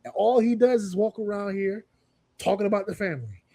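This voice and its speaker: High-voiced animated man recapping wrestling. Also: a little fast, no room sound. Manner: animated storyteller who acts out wrestlers' lines. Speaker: podcast co-host. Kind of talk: casual chat.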